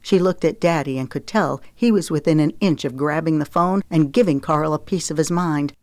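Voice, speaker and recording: Woman reading an audiobook, lowish voice, dry booth sound, steady storytelling. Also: normal speed, dry recording. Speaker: audiobook narrator. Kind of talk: scripted narration.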